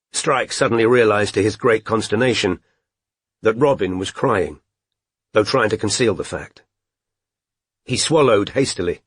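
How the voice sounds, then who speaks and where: Husky male audiobook narrator. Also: on the low side, a little slow, pauses often, no room sound, clean studio sound. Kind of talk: scripted narration.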